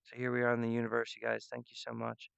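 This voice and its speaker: A man rambling earnestly and emotionally to his viewers, halting often with restarts and fillers. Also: medium pitch, monotone, vocal fry, a bit bright, clean tone, dry recording, dull audio. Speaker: artist addressing viewers. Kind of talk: rambling direct-to-camera monologue.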